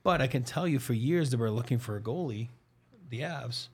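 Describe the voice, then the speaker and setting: A man's voice: medium pitch, lively intonation, brisk, breathy edge. A man on a sports podcast telling long, rambling stories full of "you know" and restarts. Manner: rambling, filler-heavy storytelling. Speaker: podcast panelist. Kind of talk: casual sports chat.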